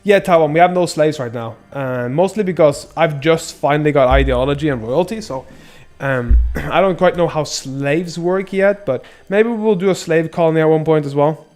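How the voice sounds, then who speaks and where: Male streamer, casual gameplay commentary, excitable, swears a lot, fairly high voice, soft music behind. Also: normal speed, few pauses. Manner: excitable, swears often, talks to chat.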